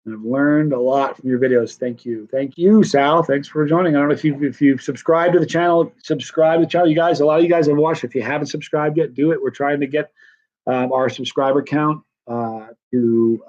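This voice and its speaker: A man's voice: mid-range voice, steady tone, brisk, darkish tone, lo-fi sound. A middle-aged man hosting a hot-pepper challenge live stream, chatting casually and rambling through comments with lots of restarts.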